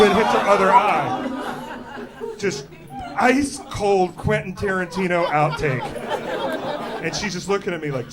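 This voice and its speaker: A man's voice: sits high, measured pace, long pauses. A man hosting a comedy night and telling a story on stage, acting out the people in it. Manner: animated, acts out quotes. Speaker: host. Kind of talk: stand-up storytelling. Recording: live club, loud crowd.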